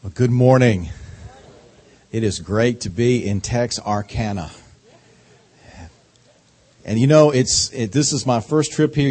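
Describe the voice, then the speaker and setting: A middle-aged man preaching with a slow Southern drawl. He keeps a folksy, joking tone as a visiting preacher and savors his syllables, at a pitch that sits in the middle for a man. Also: warm tone. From North Carolina. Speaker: guest preacher. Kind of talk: sermon.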